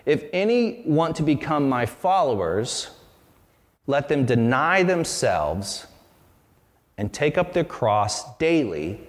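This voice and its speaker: A man's voice: medium pitch, big pitch swings, takes it slowly, big-room sound. A man preaching a sermon as pastor, earnest and conversational, often restarting his sentences.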